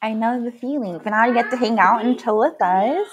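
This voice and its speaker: A woman co-hosting a casual podcast on a call mic, bubbly and quick to laugh. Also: a little high, slightly rough. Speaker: podcast co-host.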